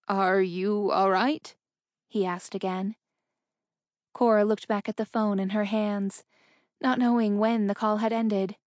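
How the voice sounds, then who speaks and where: A woman reads a novel aloud in steady, measured narration. Her pitch sits in the middle, and the recording is close and dry. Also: no echo. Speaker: audiobook narrator. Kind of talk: scripted audiobook narration.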